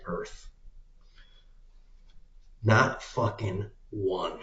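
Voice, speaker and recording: A man's voice: on the low side, slow, pauses often. A man ranting casually with plenty of profanity, rambling and muttering as he goes. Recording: echoey room, dull lo-fi sound.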